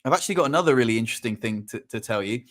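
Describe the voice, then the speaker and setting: A man's voice: mid-range voice, expressive, racing, a bit bright. A young adult man telling a story in casual chat, rambling with restarts and acting out quotes. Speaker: podcast host.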